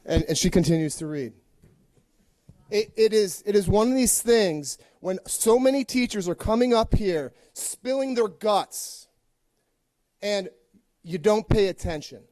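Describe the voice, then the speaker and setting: A man's voice: high voice, expressive, a little slow, a little mellow, no room sound. A male teacher giving a fiery, confrontational public comment with wry humor.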